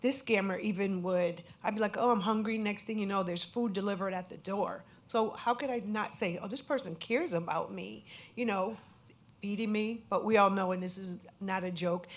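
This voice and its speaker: A woman's voice: mid-range voice, steady tone, normal speed. A woman from Connecticut giving personal testimony at a panel event, speaking in an earnest, candid way with many fillers. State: at times emotional. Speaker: scam victim speaking on a panel.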